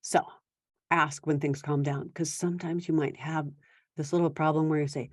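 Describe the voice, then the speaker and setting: A woman giving parenting advice in a conversational talk, now and then acting out quick quoted exchanges between parent and teen. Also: low voice, steady tone, no echo, clean studio sound. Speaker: parenting coach.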